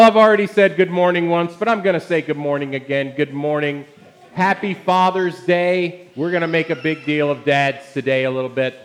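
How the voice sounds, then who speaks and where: A man preaching a Father's Day sermon as pastor, telling stories in a conversational way and turning to the congregation with asides. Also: mid-range voice. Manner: conversational storytelling with audience asides.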